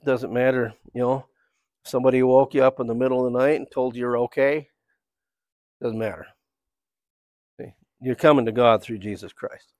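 A man gives a church talk in a loose, anecdotal way, drifting from story to point and back. His voice sits at an ordinary middle pitch. The sound is dry and close, with little room around it. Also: steady tone, quick pace, a little mellow, dry recording. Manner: rambling, conversational storytelling. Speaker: church speaker.

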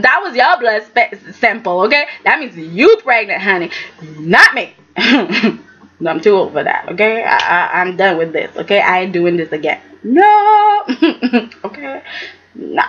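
A soap opera recap vlogger talks through her recap casually and with plenty of sass, animatedly acting out the characters' lines. Her voice is medium-pitched and a little slow, with the highs cut off and a noisy background.

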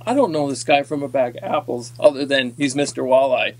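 A man in a casual podcast chat tells a long fishing-circuit story in a folksy, rambling way, stopping often for ums and restarts. His voice sits at an ordinary middle pitch. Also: steady tone, fairly quick. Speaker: podcast guest, former walleye tour pro.

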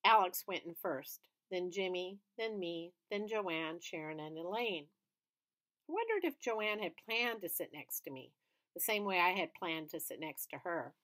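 A woman's voice: fairly low pitch, lively intonation, unhurried, fairly bright tone. A woman reading a children's book aloud, narrating steadily and expressively. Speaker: storybook reader.

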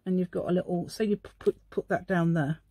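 Her voice is on the low side, steady, mellow, and a little fast, with a breathy edge and a dry recording. A middle-aged crafting host, she gives a casual demonstration, rambling and talking to herself in a playful mock-posh telephone voice.

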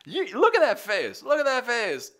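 A man hosting a casual commentary show, sarcastic and animated, laughing often. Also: very high-pitched, normal speed. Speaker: tech commentary host.

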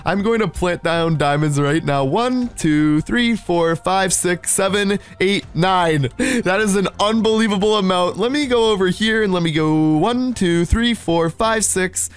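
A young man hosting a gaming video, giving excited commentary, exclaiming and laughing often. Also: high voice, unhurried, clean tone, soft background music. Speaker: gaming channel host.

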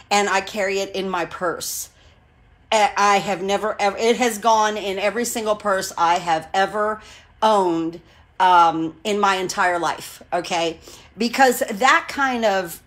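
A woman's voice: medium pitch, fairly bright tone. A woman in her sixties hosting a casual live craft stream, chatty and digressive, gushing with enthusiasm and greeting viewers by name as she goes. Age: 60s.

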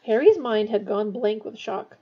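A woman reading a novel aloud in a steady storytelling voice, adding brief asides of her own. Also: mid-range voice, moderate pace, breathy edge, muffled recording. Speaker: reader.

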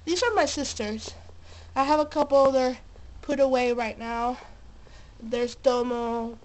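A woman's voice: on the high side, slight background noise, rough recording. A young woman showing off her collection in her bedroom in a casual vlog, bubbly and gushing with little cheers, a bit out of breath and sick. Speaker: vlogger. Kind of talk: casual show-and-tell vlog. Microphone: camera mic, moving handheld.

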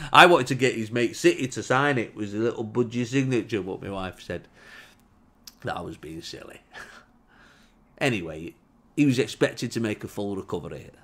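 Man, deadpan comic monologue, low voice, mock-solemn. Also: moderate pace. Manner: dry, mock-solemn storytelling. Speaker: comedian.

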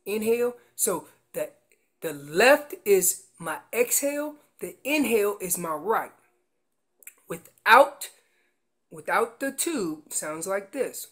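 A man giving a hands-on lesson as a guest instructor, explaining elk calls step by step with emphatic, animated delivery. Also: sits high, measured pace. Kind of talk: instructional demonstration.

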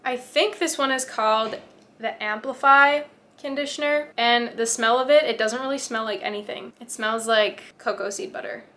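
A bubbly young woman vlogging straight to camera with a bright, slightly high voice. She chats in a casual, giggly way. Her tone stays friendly and easy. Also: steady tone, normal speed. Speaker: beauty vlogger. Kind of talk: casual vlog chat to camera.

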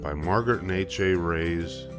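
A man's voice: deep voice, music in the background. An older man reading a children's picture book aloud, storytelling. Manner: slow, lively storytelling.

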